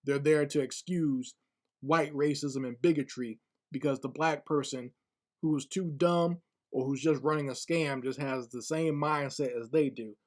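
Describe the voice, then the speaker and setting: A man's voice: fairly high pitch, steady tone, unhurried. A man giving casual spoken commentary online, blunt and scornful, often repeating words as he gathers his thoughts.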